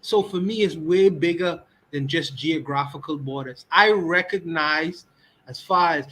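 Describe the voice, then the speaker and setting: A man's voice: fairly high pitch, measured pace, a bit bright, low-quality recording. A Bahamian man with a Bahamian accent, speaking on a livestream podcast and repeating his key words for emphasis.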